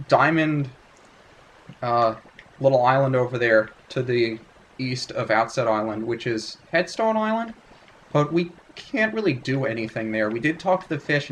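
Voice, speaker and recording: A man hosting a let's play, giving chatty, self-mocking, excitable video game commentary. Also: mid-range voice, a little hiss or hum.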